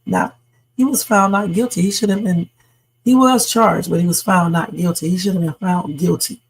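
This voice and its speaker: Streamer hosting a casual news chat live; rough, husky voice, talks loosely to viewers. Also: medium pitch, fairly even intonation, normal speed, rough recording. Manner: chatty, reacts to news and reads viewer comments. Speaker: livestream host. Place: home streaming setup.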